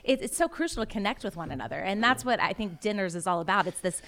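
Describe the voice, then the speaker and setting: A woman's voice: medium pitch, animated, fast talker, a bit bright. A woman co-hosting a podcast as a pastor, speaking in an encouraging, agreeable way. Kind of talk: casual podcast chat.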